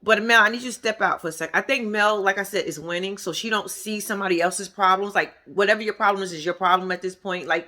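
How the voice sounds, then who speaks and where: A woman giving a casual, profane, animated recap of a reality show, acting out what people said. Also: mid-range voice.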